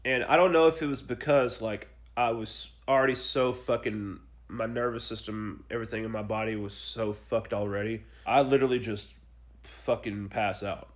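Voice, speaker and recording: A man's voice: mid-range voice, normal speed. A young adult man casually telling his own story in a blunt, profane, emotional way, acting out the people he quotes.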